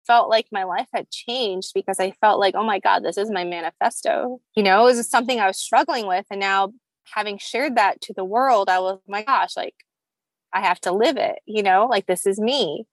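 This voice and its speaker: A woman's voice: medium pitch, moderate pace, no room sound. A young woman guest on a podcast, talking in a girly valley-girl way with lots of "like" and "you know". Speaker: guest, skincare founder. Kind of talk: casual podcast interview.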